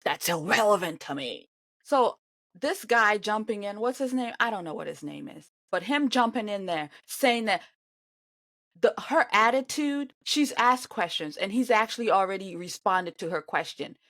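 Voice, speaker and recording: Reacting to an interview in her vlog, a woman rants at the screen with biting sarcasm and indignation, speaking at normal speed. Her voice jumps wildly from loud outbursts to low mutters, and the dry audio has no room echo.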